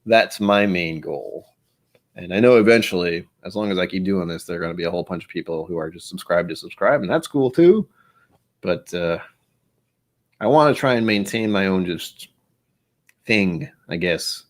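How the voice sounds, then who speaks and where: A man's voice: sits low, lively intonation, normal speed. A man hosting a casual whiskey-tasting livestream, rambling and self-deprecating as he thinks aloud. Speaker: whiskey channel host.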